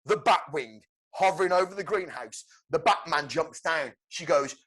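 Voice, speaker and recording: A man co-hosting a podcast, excitedly pitching a film plot with swearing and shouted sound effects. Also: normal speed, slightly rough. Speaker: podcast co-host. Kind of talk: animated movie-pitch storytelling.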